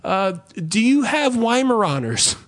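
A man putting on a high, fussy voice for a picky shopper. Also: very animated, measured pace, a bit bright, exaggerated voice.

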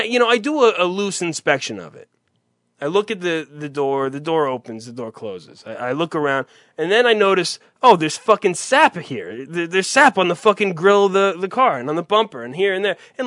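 Male talk host, profane rambling ranter, bright and forceful tone, dry close sound. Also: fairly high pitch, no echo. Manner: rambling, profane, exasperated storytelling. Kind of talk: profane comedic rant.

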